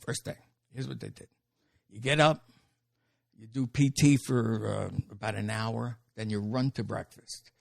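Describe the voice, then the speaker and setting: A man's voice: mid-range voice, unhurried, gravelly. An older man, a comedian telling profane stories in a casual interview and acting out the people in them. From New York. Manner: animated storyteller who acts out quotes and swears freely.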